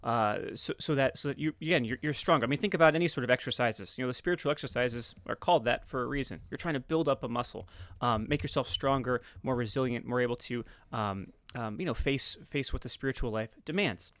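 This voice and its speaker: A man's voice: mid-range voice, fast talker, fairly bright tone, no room sound. A man with a Philadelphia accent, a podcast guest explaining earnestly, with many repeats and fillers. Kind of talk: explaining in casual conversation.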